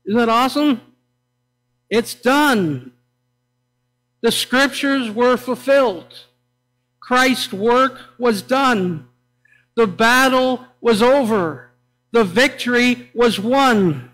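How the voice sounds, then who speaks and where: A pastor preaching a sermon in a church, with dramatic pauses and emphatic declarations that swing between loud proclaiming and hushed, low delivery. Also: male voice, low-quality recording. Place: church sanctuary.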